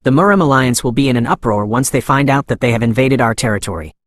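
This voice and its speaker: A man narrating an uneasy young male disciple from a recap story. He asks worried questions in a mid-pitched voice. The sound is dry and close. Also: expressive, fast talker, no echo, lightly acted. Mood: anxious. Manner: anxious.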